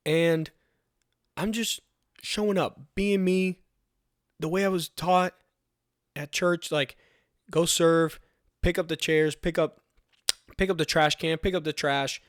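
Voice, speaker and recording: A man's voice: fairly high pitch, steady tone, a little slow, pauses often, no room sound, clean studio sound. A young man hosting a podcast about his fire recruit training, giving an earnest, emphatic motivational talk that repeats rallying commands.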